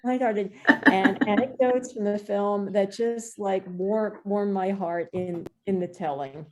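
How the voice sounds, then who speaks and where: A woman's voice: medium pitch, takes it slowly. A woman in her fifties, a film director chatting as a podcast guest, telling stories with lots of fillers. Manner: animated storyteller, many fillers. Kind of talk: casual interview chat.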